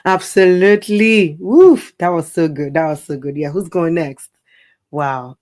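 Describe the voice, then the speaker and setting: A woman with a low voice recorded dry and close, hosting a panel talk show. She responds to guests with enthusiastic affirmations and then invites the next speaker. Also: steady tone, normal speed, darkish tone, no echo. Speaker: host.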